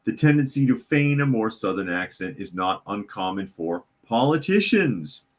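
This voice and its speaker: A man with a low, deep voice hosts a casual live news talk podcast. He reads chat comments aloud and answers them in a sarcastic, opinionated way. His delivery rambles, with fillers and repeated phrases. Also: animated, normal speed. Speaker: podcast host.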